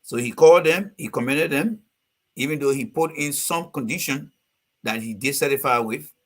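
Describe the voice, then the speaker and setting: A man's voice: mid-range voice, normal speed. A male host with a mid-range voice breaks down a speech for his audience. He talks straight to his listeners in a plain, explanatory way. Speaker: host and political commentator. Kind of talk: commentary on a played speech.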